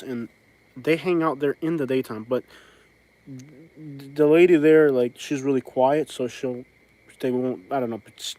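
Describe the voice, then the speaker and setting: A man's voice: mid-range voice, darkish tone, no room sound. A man, chatting casually on a live stream from outdoors on his rural property, rambling with lots of fillers and restarts. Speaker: vlogger hosting a live stream.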